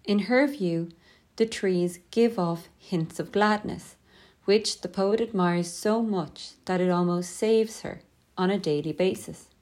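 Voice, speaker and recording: A woman reading a scripted poetry lesson in a steady, measured way. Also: medium pitch. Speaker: teacher.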